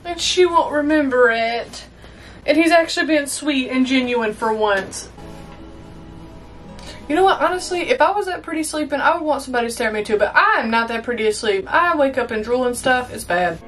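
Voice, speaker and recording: A woman's voice: high voice, lively intonation, a little fast, a bit bright, soft background music. A woman in her twenties giving a chatty, exclamatory reaction to a movie as she watches. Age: 20s. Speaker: reaction video host. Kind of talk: casual movie reaction commentary.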